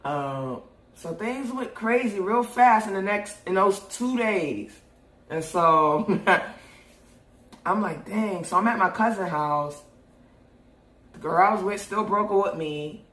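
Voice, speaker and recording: Animated, cussing young New woman. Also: mid-range voice, slow. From New York. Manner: animated, profane, laughs often. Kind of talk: casual storytelling. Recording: roomy echo.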